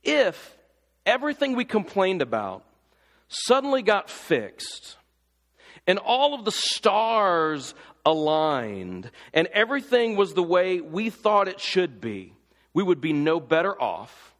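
Guy preaching in a church, kinda high voice, big long echo off the hall, fired up and asking the crowd questions. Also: sing-song, slow, fairly bright tone. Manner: impassioned preaching with rhetorical questions. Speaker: pastor. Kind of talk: sermon.

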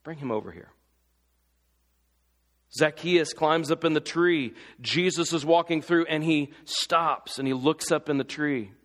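A man preaches a sermon in a church sanctuary, his voice pitched fairly high. He presses his listeners with impassioned rhetorical questions. The sound rings with a long reverb from the hall. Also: measured pace, few pauses, fairly bright tone. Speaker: pastor.

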